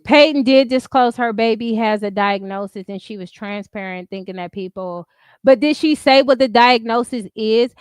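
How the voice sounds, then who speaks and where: A woman's voice: a little high, moderate pace, clean tone, no echo, clean studio sound. A woman hosting a livestream, ranting in a profane, combative way and answering her chat in casual speech. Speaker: livestream host. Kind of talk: heated casual commentary.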